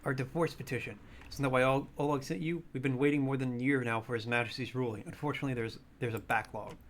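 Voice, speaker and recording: A man's voice: medium pitch, fairly even intonation, quick pace, natural voice. A man doing a prim, sugary woman librarian. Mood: flustered. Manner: soft, prim, sugary and guarded. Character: sweet-voiced middle-aged woman librarian, evasive.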